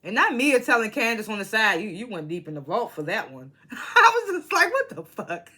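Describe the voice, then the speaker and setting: Bright-voiced woman recapping with blunt profanity. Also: on the high side, fairly quick, husky. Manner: blunt, profane, animated storytelling. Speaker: reality TV recap vlogger. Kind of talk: casual recap.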